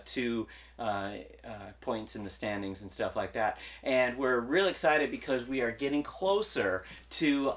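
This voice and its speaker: A man co-hosting a kids' variety show, chatting through announcements with many ums and uhs, quick to laugh. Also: mid-range voice, a bit bright. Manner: laughs often, fillers and hesitations when announcing. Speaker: co-host. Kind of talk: playful kids-show banter and sung jingle.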